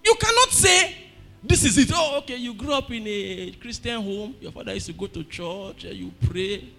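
A man with a Nigerian accent preaching a sermon, telling stories and breaking into shouted emphasis. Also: high voice, moderate pace, gravelly, faint music behind. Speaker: pastor.

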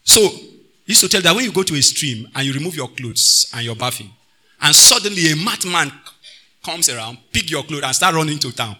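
A man preaching a sermon, swinging between loud bursts and quiet asides and slipping into pidgin phrases. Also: a little high, expressive, fairly quick.

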